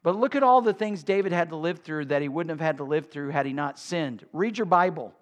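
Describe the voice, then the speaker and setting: A man preaching a sermon, swinging between quiet talk and loud, drawn-out emphasis. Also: fairly high pitch. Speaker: pastor.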